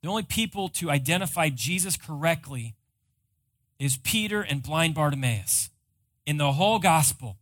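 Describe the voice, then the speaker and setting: A male pastor preaching a sermon, retelling a story dramatically and swinging between loud and hushed. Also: fairly high pitch, expressive, normal speed, dry recording.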